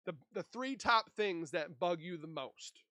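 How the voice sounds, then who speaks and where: A man's voice: high voice, expressive, unhurried, pushed and bright, no echo, clean studio sound. A man from Minnesota hosting a casual livestream, chatting and reading viewer comments aloud into a desk mic. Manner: chatty, reads and answers chat aloud. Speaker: livestream host.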